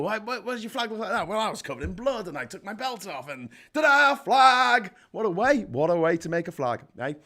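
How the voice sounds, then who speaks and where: A man's voice: mid-range voice, fairly bright tone. A man in his forties hosting a casual history live stream and reading out the chat. He talks in a chatty, jokey way and often restarts his sentences. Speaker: history show host.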